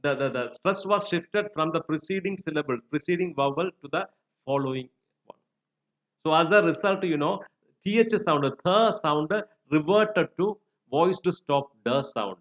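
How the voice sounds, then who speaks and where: A man's voice: on the high side, moderate pace, a bit bright. A man teaching a recorded lesson, hesitant with frequent fillers and restarts. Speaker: English teacher. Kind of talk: recorded lecture. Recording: dull lo-fi recording.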